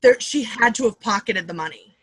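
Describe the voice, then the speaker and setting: A woman in her thirties from the Boston area tells stories as a guest, quick and animated, acting out every quote. Her voice is bright and sits a little high. The sound is dry and close. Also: slightly rough, dry recording. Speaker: comedian guest. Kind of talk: casual storytelling chat.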